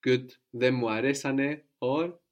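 A man with a mid-pitched voice gives a language lesson. He explains the grammar patiently, one step at a time, and keeps stopping to prompt his student for the next answer. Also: fairly even intonation, unhurried, dull audio. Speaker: language teacher.

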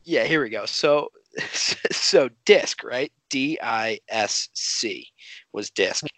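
A man's voice: mid-range voice, slow pace, fairly bright tone, no room sound. A young man co-hosting a podcast, telling a story in casual, slangy chat and laughing along. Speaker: podcast co-host.

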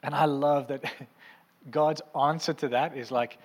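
A man preaches in a church hall with a long, ringing reverb, and his voice sits a little high. He talks in a conversational way and keeps asking the congregation whether they are following him. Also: steady tone, measured pace. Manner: conversational, asks the crowd often. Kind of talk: sermon.

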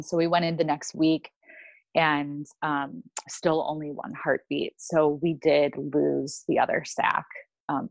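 A woman's voice: low-pitched, creaky, no room sound. A young woman telling a personal story in casual chat, with many fillers and restarts. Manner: rambling, lots of fillers and restarts. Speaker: podcast guest.

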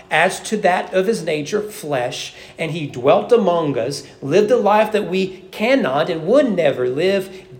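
A man preaching a Sunday morning sermon in a church, talking conversationally, often acting out the inner voices of believers and repeating words as he thinks aloud. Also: high-pitched. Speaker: pastor. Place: church sanctuary.

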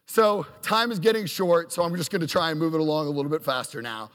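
A man in his thirties performs a self-deprecating story on stage for a live crowd, animatedly acting out the quotes. His high, slightly bright voice moves at a quick pace and rings through a reverberant hall.

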